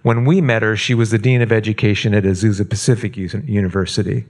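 A middle-aged man, a pastor, telling a story in a sermon in a slow, emphatic way and repeating phrases for weight. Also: fairly low pitch, steady tone, a little mellow.

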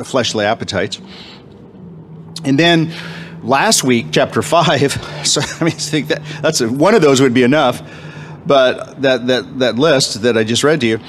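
Halting, chatty man leading a Bible study. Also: medium pitch. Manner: halting, many fillers and restarts, self-deprecating humor. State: eating, talking with food in his mouth. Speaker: men's Bible study leader. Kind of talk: casual Bible teaching.

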